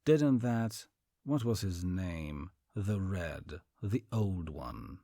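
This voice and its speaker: A nosy small-town busybody , read by a man, leans in with hushed suspicion. Her voice stays deep and husky, with lots of rise and fall, and the sound is close and dry. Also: expressive, drawn-out words, no room sound, heavily acted. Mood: suspicious. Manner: whispering, suspicious. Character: gossipy suspicious older small-town woman.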